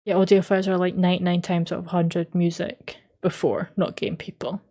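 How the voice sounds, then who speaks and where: A woman's voice: on the low side, little pitch movement, brisk, dark tone. An Australian woman streamer in casual chat, reading out and answering live chat messages in an easygoing way with frequent laughs.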